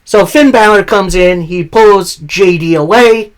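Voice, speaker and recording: A man hosting a casual weekly wrestling recap, retelling the action play by play with frequent filler pauses. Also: sits high. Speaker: wrestling show recap host.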